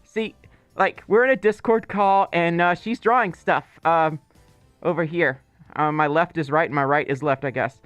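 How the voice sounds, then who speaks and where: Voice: medium pitch, moderate pace, a bit bright, no room sound, faint music behind. A streamer from Mississippi, rambling in casual livestream chat and still coughing from being ill. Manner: rambling, playful, teasing. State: lingering cough.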